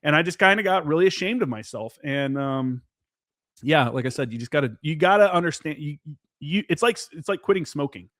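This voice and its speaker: A man's voice: a little high, lively intonation, a little fast, fairly bright tone, no echo, studio quality. A man who served as a Marine forward observer, talking candidly as a podcast guest and swearing freely. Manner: candid, profane, peppered with "dude" and "man". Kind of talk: casual podcast chat.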